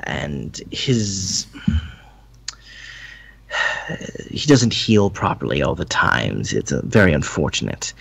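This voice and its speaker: A man's voice: a bass voice, big pitch swings, slow pace, creaky, pauses often, fairly bright tone, husky, no room sound, voice pushed down, heavily acted. A man voicing a fatherly, shrewd merchant healer who speaks politely and trails off. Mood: earnest.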